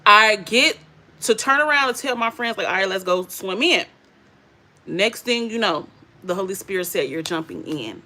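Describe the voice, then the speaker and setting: A young adult woman, casually telling a lively story to her viewers and laughing often. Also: mid-range voice, moderate pace. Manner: animated, laughing, addresses viewers as y'all. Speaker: beauty and faith vlogger.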